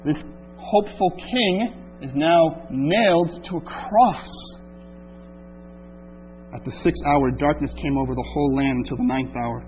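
High-voiced preacher over a tinny line. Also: male voice, measured pace, pauses often. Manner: dramatic, voices doubting listeners, swings from hushed to loud. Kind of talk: sermon. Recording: tinny phone-like recording with mains hum.

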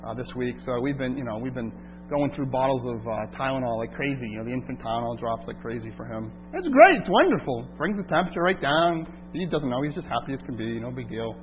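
Male pastor, lively sermon delivery, slightly higher voice, tinny phone-like audio with hum. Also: quick pace. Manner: animated, rhetorical questions to the congregation.

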